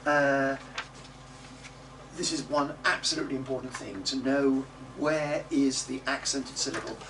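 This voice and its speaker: A man teaching a music class, coaching the group and modelling words slowly and loudly for them to repeat. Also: medium pitch. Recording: distant mic with noisy room ambience.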